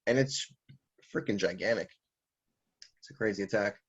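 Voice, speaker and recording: A man co-hosting a casual chat, animated, laughing often and swearing casually. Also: fairly low pitch, normal speed, husky, highs cut off. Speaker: co-host.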